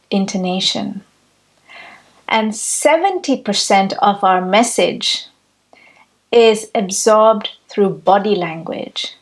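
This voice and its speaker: A woman giving a reflective spiritual teaching talk, with measured, deliberate phrasing. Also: medium pitch. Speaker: spiritual speaker.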